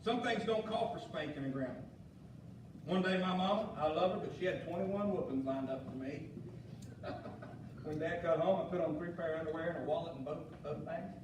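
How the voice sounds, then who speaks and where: A male pastor, preaching a fiery sermon with shouted emphasis and folksy asides. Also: on the high side, brisk. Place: church sanctuary. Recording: echoey church hall, mic far off, faint noise.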